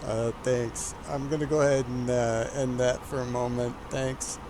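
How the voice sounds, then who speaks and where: A man's voice: mid-range voice, little pitch movement, a little slow, noisy background. A man streaming a flight simulator, chatting casually and teasingly with a voice assistant.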